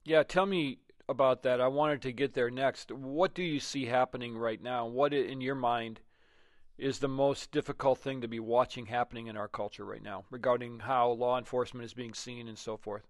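A man hosting an interview, a father who talks haltingly and searches for his words. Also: mid-range voice, steady tone, no room sound, clean studio sound. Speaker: interview host. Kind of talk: conversational interview.

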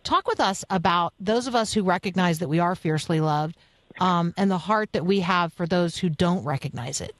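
A woman's voice: fairly low pitch, normal speed, no room sound. A woman hosting a radio interview in a studio, friendly and reading out promos and listener requests. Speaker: radio host.

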